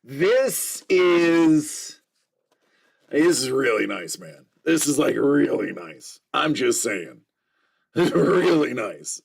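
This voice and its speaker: A man hosting a collectibles live stream, chatting casually and reacting with loud exclamations and laughs. His voice sits a bit high and swings widely in pitch, with a gravelly edge. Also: takes it slowly. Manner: animated and exclamatory, laughs often.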